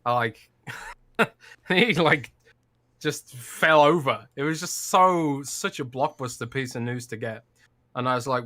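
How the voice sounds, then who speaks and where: Bright-voiced man co-hosting a podcast. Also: mid-range voice, measured pace. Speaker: podcast co-host. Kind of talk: casual chat.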